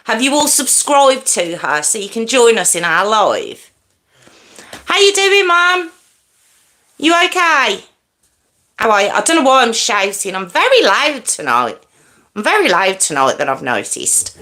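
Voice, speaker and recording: A woman's voice: mid-range voice, very animated, normal speed, sharp tone. A woman hosting a live stream, chatting casually with viewers and greeting them by name. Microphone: earpiece in.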